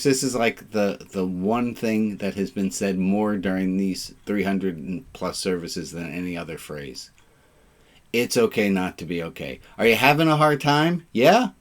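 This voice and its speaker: Jovial low-voiced rabbi on a call. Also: male voice, fairly bright tone. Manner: jovial, punning, chatty with the congregation. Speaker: rabbi leading an online service. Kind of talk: informal sermon over a video call.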